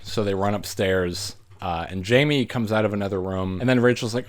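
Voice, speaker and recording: A man casually recapping a horror movie, animated, acting out the characters and laughing as he goes. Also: on the low side, normal speed, few pauses. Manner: animated retelling, acts out characters, laughs often. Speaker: movie reviewer.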